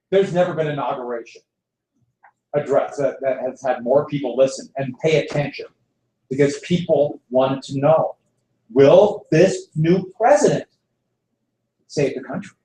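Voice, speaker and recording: A man lecturing on history in a lively storytelling way, acting out quotes as he goes. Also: fairly high pitch, a little hiss or hum. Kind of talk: classroom lecture. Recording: echoey room, mic far off.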